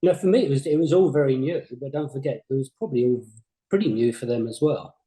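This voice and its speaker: An older man, a former games company boss, recalling his career in a modest, halting way, often repeating words. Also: mid-range voice, warm tone. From England. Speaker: former games company CEO, interview guest. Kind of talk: reflective interview chat. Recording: roomy echo.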